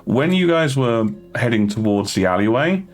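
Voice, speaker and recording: A man narrating as game master of a tabletop game, halting with many fillers and restarts. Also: mid-range voice, expressive, faint music behind.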